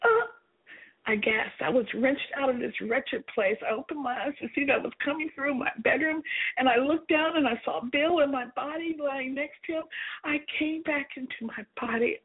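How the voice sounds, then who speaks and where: A woman with a high-sitting voice reads aloud from her own memoir at a normal pace, delivering it earnestly and with feeling. The recording has a tinny, phone-like quality.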